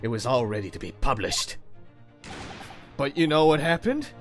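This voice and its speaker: A man voicing a brash, angry young male newspaper reporter in an old-timey newsboy accent, talking loud and indignant with rough grammar, as he reads a video game's dialogue aloud. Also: medium pitch, big pitch swings, normal speed, faint music behind, natural voice.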